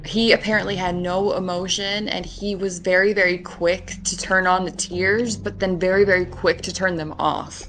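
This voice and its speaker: A woman's voice: fairly low pitch, little pitch movement, moderate pace, hardly any pauses, a bit bright, faint music behind, poor audio. A woman hosting a podcast, talking casually and skeptically about a criminal case. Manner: chatty, skeptical, fond of quoting others in mock voices. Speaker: podcast host. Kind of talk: casual true-crime chat.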